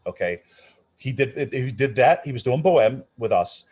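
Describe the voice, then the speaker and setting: A middle-aged man with a slightly rough, mid-range voice talks at a moderate pace. An opera singer by profession, he tells anecdotes in a casual interview, bringing them to life animatedly, often starting over and voicing the characters he quotes.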